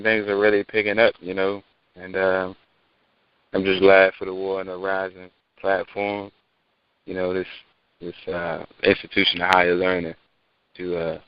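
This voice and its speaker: A male caller with a very low voice tells a story in a relaxed, halting way full of fillers. The sound is dry and lo-fi. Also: clean tone, no room sound. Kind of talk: telling a story on a call-in show.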